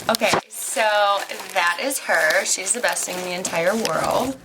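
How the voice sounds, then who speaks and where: Bright-voiced young woman, rambling vlog. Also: mid-range voice, expressive, measured pace, a little hiss or hum. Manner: emotional, rambling, says "like" constantly. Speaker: vlogger, social worker. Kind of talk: casual personal vlog.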